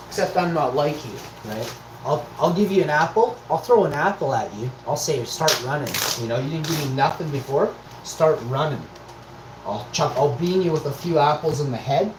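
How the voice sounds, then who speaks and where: A man in his forties giving a confrontational, profane monologue as a vlog host, firing off rhetorical questions. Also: a little high. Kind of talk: ranting monologue. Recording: roomy echo, faint noise.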